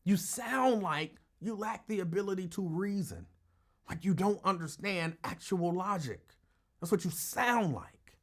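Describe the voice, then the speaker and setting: A man's voice: high voice, unhurried. A man hosting a call-in talk show, giving casual commentary in an emphatic, argumentative way and repeating his points for effect.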